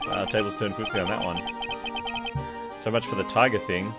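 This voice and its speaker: A man hosting a let's play, joking and commenting casually on the game, over loud game music. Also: fairly low pitch, steady tone, moderate pace, gravelly, pauses often. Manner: joking, laughs at his own gags.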